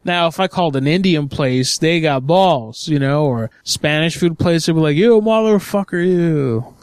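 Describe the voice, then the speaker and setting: Brash high-voiced prank-calling man. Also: normal speed, no room sound. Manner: brash, crude and bossy on the phone. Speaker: prank call radio host. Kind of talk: prank phone calls.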